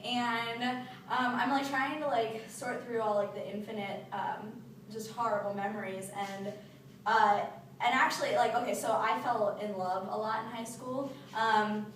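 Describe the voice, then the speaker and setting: A woman's voice: fairly high pitch, steady tone, unhurried, fairly bright tone, slight background noise. A young woman from Ohio casually telling a self-mocking, rambling story to a group, giggling often. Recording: roomy, distant mic, crowd chatter.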